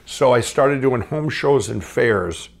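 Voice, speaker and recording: A middle-aged man from Minnesota telling his own life story off the cuff, rambling with many restarts and swinging between excited and hushed. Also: mid-range voice, takes it slowly, creaky. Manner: rambling, full of restarts and "I'm going". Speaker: guest storyteller. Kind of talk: unscripted personal storytelling.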